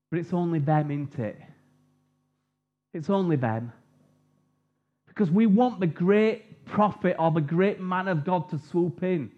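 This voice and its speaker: Male preacher, light high voice, jokey storytelling sermon, muffled lo-fi sound. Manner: chatty, jokey, tells personal stories. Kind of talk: informal sermon. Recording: dull lo-fi recording.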